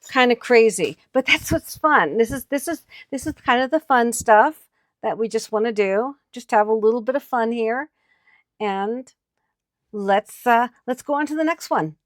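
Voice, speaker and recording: Recorded with clean studio sound and no room noise, this woman has a fairly high voice at a normal speed. As an antiques picker and channel host, she walks viewers through her estate-sale finds on camera with chatty enthusiasm.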